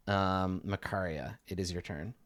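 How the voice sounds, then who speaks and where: A man's voice: deep voice, steady tone, a little slow, fairly bright tone, dry recording, clean studio sound. A man narrating as game master in a tabletop game, describing the combat loosely with many fillers and restarts.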